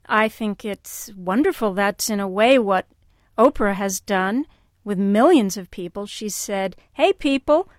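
A woman hosting a call-in radio show, speaking in a calm and reflective way and telling stories. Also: medium pitch, unhurried, dry recording, clean studio sound.

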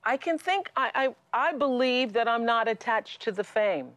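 A middle-aged woman hosting a studio talk show, telling stories in a lively way with frequent restarts. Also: on the high side, normal speed, no room sound. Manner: lively and storytelling, with many restarts and laughs. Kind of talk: studio conversation with a guest. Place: television studio.

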